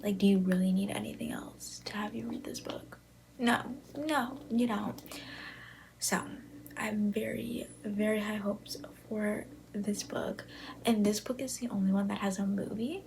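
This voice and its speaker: 19 yo girl from buffalo whispering late at night about books, bit of vocal fry, hiss in the background. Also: medium pitch, fairly even intonation, a little slow, darkish tone, low-quality recording. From Buffalo, New York. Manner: chatty, gushing, full of fillers. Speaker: book vlogger. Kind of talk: casual chat to camera.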